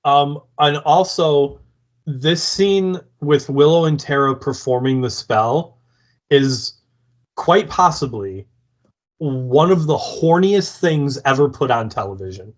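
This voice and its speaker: A man co-hosting a podcast, casually recapping a TV episode in a slow, filler-heavy way. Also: a little high. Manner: slow, filler-heavy retelling with acted quotes. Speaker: podcast co-host.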